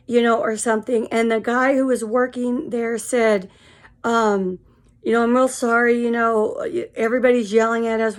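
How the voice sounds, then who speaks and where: A tired woman in her fifties telling a frank, rambling story straight to camera. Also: on the high side. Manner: frank and rambling, full of fillers. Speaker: vlogger. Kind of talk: casual storytelling monologue.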